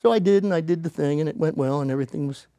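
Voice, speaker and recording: A man, a podcast guest, telling a story casually and acting out the people he quotes in a higher voice. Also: racing, dark tone, dry recording, studio quality. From United States.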